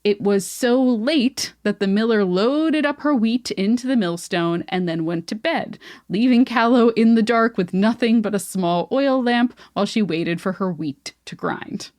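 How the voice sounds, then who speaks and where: A woman's voice: a little high, measured pace, a little mellow, no room sound, studio quality. A woman podcast host retelling a folktale in playful, joking casual chat.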